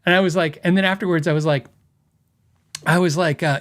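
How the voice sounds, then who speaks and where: A man's voice: a little high, fairly even intonation, a little fast, a bit bright. A man hosting a podcast, telling stories in a rambling, casual way and laughing often. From western United States. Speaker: podcast host.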